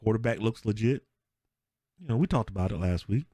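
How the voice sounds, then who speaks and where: Animated man telling sports stories. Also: lowish voice, brisk, breathy edge, dry recording, clean studio sound. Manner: animated storyteller, laughs often, acts out quotes. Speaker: podcast co-host. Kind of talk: casual sports chat.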